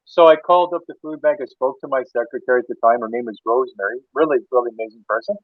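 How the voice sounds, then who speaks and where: Fast-talking man on a tinny line. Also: medium pitch, no echo. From Canada. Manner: animated, rambling anecdotes with many restarts. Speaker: interior designer, guest. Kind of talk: casual interview storytelling. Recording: tinny phone-like line, dry.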